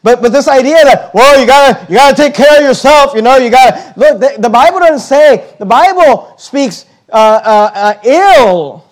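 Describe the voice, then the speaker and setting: A man delivers a sermon in a high voice. He slows down hard on the words he wants to land and circles back on his phrases with emphatic repetition. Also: expressive. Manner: emphatic, slows on key words, repeats himself. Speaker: pastor.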